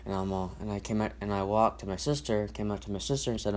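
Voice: low-pitched, fairly even intonation, quick pace, hardly any pauses, a little hiss or hum. Rambling, profane solo podcaster. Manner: rambling, repetitive, profane, restarts sentences often. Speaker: podcast host. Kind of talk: casual solo rant and storytelling.

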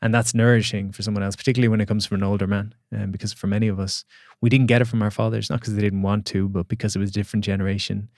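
A man, a podcast guest and coach, telling a reflective story in an earnest, halting way with repeated words. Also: lowish voice, little pitch movement, a little mellow, dry recording, studio quality.

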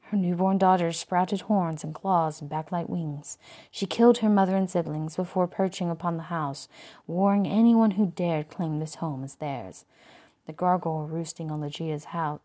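A woman reading a first-person gothic story aloud in a measured storytelling delivery. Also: low-pitched, warm tone. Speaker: audiobook narrator. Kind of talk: first-person scripted narration.

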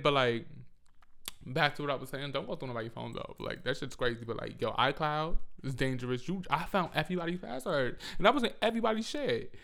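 A man's voice: on the high side, animated, a little fast, creaky, fairly bright tone. A man telling a rambling, profane story in a casual monologue on a handheld mic.

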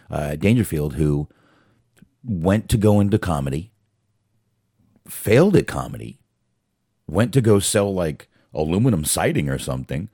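Man, very deep voice, dry close sound, chatty clip commentary. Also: dark tone, no echo. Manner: chatty, filler-heavy narration. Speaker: host reacting to clips. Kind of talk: casual commentary.

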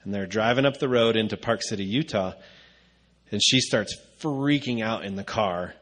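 A man's voice: fairly low pitch, moderate pace, a bit bright. A man preaching a conversational sermon, casual and rambling with frequent filler sounds.

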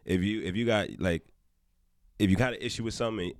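A man's voice: on the low side, fast, no echo, clean studio sound. A young man co-hosting a podcast, chatting casually and animatedly, laughing often and swearing freely. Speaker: podcast co-host.

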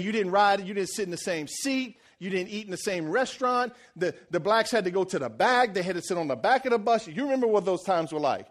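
A male pastor with a high voice preaching a sermon. He retells scripture as a lively story, full of casual modern paraphrase and asides to the congregation.

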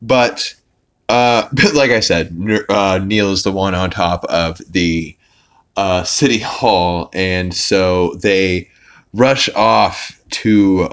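A man's voice: low-pitched, a bit bright. A man hosting a podcast, recapping an episode in a casual, rambling way with lots of filler words and some swearing. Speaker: podcast host.

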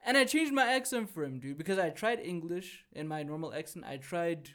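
A young man from South Africa with a somewhat high voice talks in a casual podcast chat. He is animated and blunt, swears freely, and repeats his points for emphasis. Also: fairly quick.

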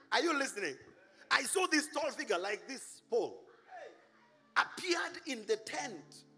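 A middle-aged man from Kenya, a pastor preaching a sermon, animated, with singsong shouts and laughing asides to the congregation. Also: very high-pitched, takes it slowly, long pauses, big-room sound.

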